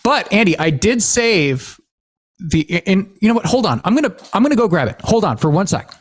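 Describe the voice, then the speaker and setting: A man from Washington State hosts a casual podcast, his fairly high voice swinging up and down as he tells stories. He acts out the dialogue and fills gaps with lots of "like" and "uh". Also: moderate pace, slightly rough. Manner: animated storyteller, acts out quoted dialogue, many fillers. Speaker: podcast host.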